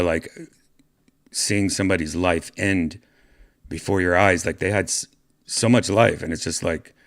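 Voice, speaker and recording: Deep-voiced man rambling through a story. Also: a bit bright. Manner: rambling, profane, many fillers and restarts. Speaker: podcast host. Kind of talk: casual storytelling monologue.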